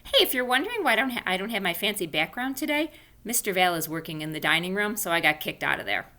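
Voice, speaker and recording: A woman teaching an online class for young children from home, animated and sing-song, speaking slowly and carefully. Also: medium pitch. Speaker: elementary school teacher. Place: home room.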